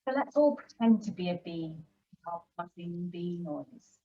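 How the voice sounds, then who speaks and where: A woman teaching a children's yoga class and giving gentle, encouraging instructions to young kids. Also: fairly low pitch, animated, a little slow, recorded from a distance, dull audio. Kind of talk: guiding a kids' yoga class.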